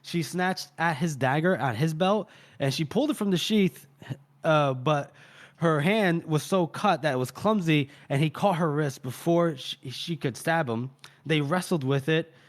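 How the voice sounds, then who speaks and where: A man co-hosting a podcast who retells a book chapter in a rambling, animated way, swearing casually and filling pauses with "uh" and "you know". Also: on the high side. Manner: rambling, animated, profane, with many fillers. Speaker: podcast co-host.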